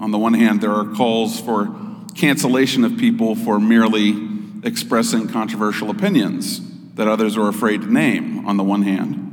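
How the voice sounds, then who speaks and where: A man giving a sermon as pastor, in a measured, explanatory way. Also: fairly low pitch, in a large hall.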